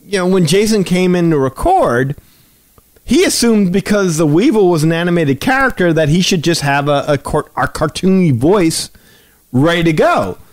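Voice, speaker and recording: A podcast host chats casually while telling a story, his fairly high voice moving at a moderate pace. He's an animated storyteller who energetically acts out the quotes.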